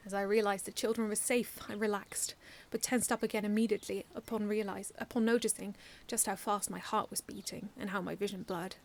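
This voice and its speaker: A woman reading her own first-person fan story aloud in an earnest, expressive way, often restarting lines. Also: mid-range voice, brisk, few pauses, slight background noise.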